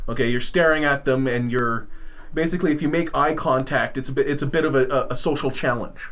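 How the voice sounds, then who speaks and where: A man's voice: mid-range voice, fast. A man hosting a podcast, telling a rambling anecdote and acting out what people said. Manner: rambling anecdote, acts out quoted dialogue. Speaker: podcast host. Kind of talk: casual storytelling. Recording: phone-like narrow sound.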